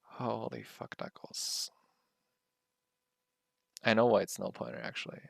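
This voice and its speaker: A man's voice: lowish voice, steady tone, unhurried, creaky, husky, dry recording. A man streaming live while coding, muttering, swearing and laughing at his own frustration. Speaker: livestreaming game developer.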